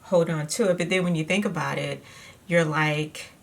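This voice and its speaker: A woman's voice: deep voice, steady tone, normal speed, vocal fry. A woman chatting in a rambling, easygoing way with many fillers while she walks through a makeup tutorial at home. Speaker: beauty vlogger. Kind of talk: casual makeup tutorial chat.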